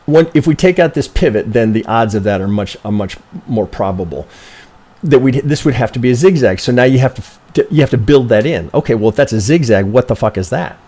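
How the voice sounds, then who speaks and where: A man's voice: medium pitch, animated, fairly quick, warm tone. A man in a loose live-stream lesson, talking through charts as he goes. He is blunt and profane, stops himself mid-sentence to rephrase, and keeps tossing "right?" to his viewers. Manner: rambling, profane, constantly self-correcting, asks "right?"; thinks aloud while working through charts. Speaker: trading educator reviewing member charts.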